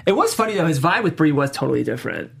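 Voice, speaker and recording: A woman's voice: deep voice, big pitch swings, very fast, creaky, breathy edge. A woman in a casual group chat, wry and playfully shady.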